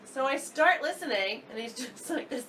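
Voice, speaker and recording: A woman's voice: sits high, animated, normal speed, fairly bright tone, distant mic, a little hiss or hum. A woman co-hosting a podcast in casual chat, telling stories in a dry, wry way. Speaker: podcast co-host.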